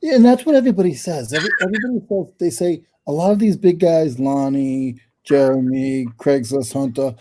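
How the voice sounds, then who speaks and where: A man's voice: on the high side, fairly quick, hardly any pauses, warm tone. A man chatting casually in an online hangout, earnest, often repeating his words. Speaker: reseller channel host. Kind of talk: casual chat.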